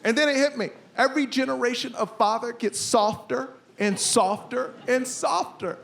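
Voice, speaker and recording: A man in his forties performing a stand-up comedy set, telling stories with loud, animated punchlines. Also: extremely high pitch, moderate pace, vocal fry. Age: 40s. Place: stage before a live audience. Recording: live stand-up recording with audience noise.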